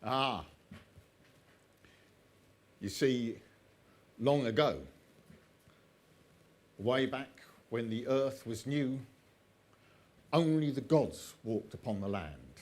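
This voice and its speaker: A man's voice: mid-range voice, animated, drawn-out words, long pauses, a little mellow. A man telling of an ancient immortal sage. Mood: solemn.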